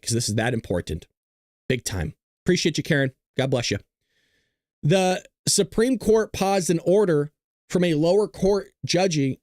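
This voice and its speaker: High-voiced sarcastic male show host. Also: a little mellow, dry recording, clean studio sound. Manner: sarcastic, mocking, reads news aloud. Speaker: political talk show host. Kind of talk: live show commentary.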